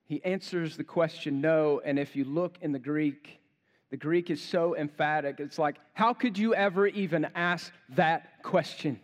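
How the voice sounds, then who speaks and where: Man, pastor, emphatic sermon, slightly high voice, long church reverb. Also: a little slow. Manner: emphatic preaching, builds to forceful rhetorical questions.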